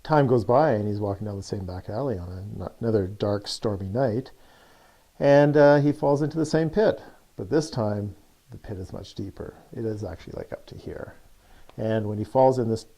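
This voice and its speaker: A man's voice: fairly low pitch, moderate pace, mellow. A man, a coach, telling a story in a loose, chatty way with many fillers. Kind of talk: casual storytelling.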